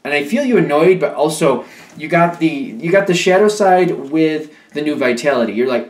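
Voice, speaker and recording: In an echoey room, a young man gives a casual tarot reading, talking loosely and repetitively in a conversational way while acting out imagined voices of the listener. His voice is fairly high, animated, and fairly quick.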